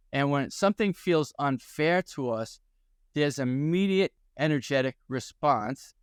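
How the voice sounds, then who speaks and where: Guesting on a podcast interview, the sixty-something employment attorney with a New York accent speaks in an unhurried, smooth, mid-range voice. He stays energetic, leaning on storytelling and rhetorical questions. There's no echo, and the sound is clean studio audio.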